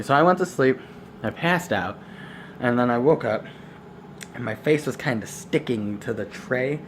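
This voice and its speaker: A young man vlogging in a casual, rambling way, cracking crude jokes and laughing at his own stories. His voice sits at an ordinary middle pitch. A faint hiss runs under the camera-mic sound. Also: expressive, moderate pace. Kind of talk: casual storytelling vlog.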